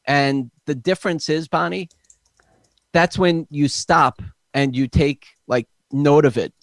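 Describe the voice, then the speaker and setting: A man's voice: a little high, fairly even intonation, slow, no echo. A man on an inventors' panel, speaking directly and matter-of-factly. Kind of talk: casual panel talk.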